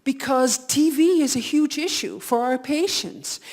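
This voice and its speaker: A woman audiologist from the Netherlands giving an energetic, blunt talk to hearing care professionals in a lecture hall, often acting out what her patients say. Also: sits high, measured pace. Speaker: audiologist, conference speaker. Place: lecture hall with a live audience.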